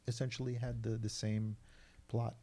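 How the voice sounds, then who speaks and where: A man's voice: medium pitch, level tone, normal speed, crowd noise. A man in casual chat who laughs often and eagerly backs up his co-host.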